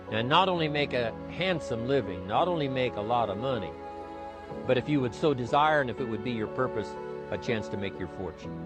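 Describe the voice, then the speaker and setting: A man delivering a motivational talk with a middle-pitched voice. He speaks in an emphatic, repeating cadence, building point on point. Faint music plays under his words. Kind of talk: motivational speech.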